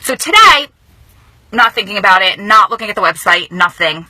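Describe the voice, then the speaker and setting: A woman vlogging from a car, telling news in a casual, emotional and excited way, often speeding up. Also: mid-range voice, no room sound, low-quality recording. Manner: excited, emotional, talks fast in bursts. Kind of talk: casual vlog storytelling. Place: inside a car.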